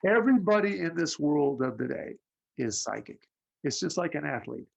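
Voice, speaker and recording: A man giving a psychic reading, telling stories with lively acted-out voices. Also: on the high side, moderate pace, creaky. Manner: animated storyteller, acts out voices in anecdotes. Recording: lo-fi muffled audio.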